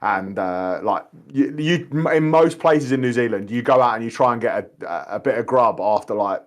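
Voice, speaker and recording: A man's voice: medium pitch, lively intonation, normal speed. Easygoing london guy in his 30s, chats about life between hands, says mate a lot. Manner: laid-back, rambling, says "mate" a lot. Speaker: guest poker player. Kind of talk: casual chat during an online game.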